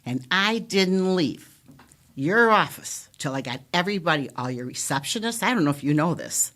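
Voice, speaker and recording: An older woman with a fairly low voice tells her own health story as a guest. She talks in an animated, storytelling way and acts out the voices of the people she met. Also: moderate pace. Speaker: patient guest.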